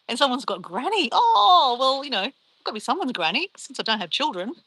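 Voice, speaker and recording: A woman's voice: high-pitched, pushed and bright, dry recording, low-quality recording. A middle-aged Australian woman with an Australian accent, hosting a casual livestream, chatty and upbeat as she reads out chat messages and shrugs off insults. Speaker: livestream host reading chat.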